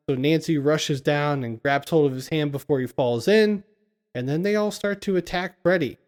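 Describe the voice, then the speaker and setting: A man's voice: a little high, darkish tone. A man casually recapping a film scene by scene on a podcast, laughing often as he retells it. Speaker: podcast co-host.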